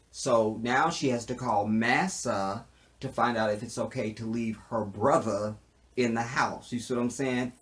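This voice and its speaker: A man talking straight to camera as he recaps a TV episode. His voice sits at an ordinary middle pitch. He jokes around and keeps checking in with "see what I'm saying". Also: moderate pace, a bit bright. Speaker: TV show reviewer. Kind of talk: casual recap commentary.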